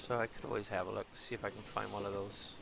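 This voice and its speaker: A man's voice: on the low side, level tone, fast talker, vocal fry, background noise. A British man, a streamer and father, chatting casually through a game, rambling and talking back to the characters on screen. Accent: British English. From England. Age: adult with a son. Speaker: gaming streamer. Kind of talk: casual gameplay commentary. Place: home streaming setup with green screen.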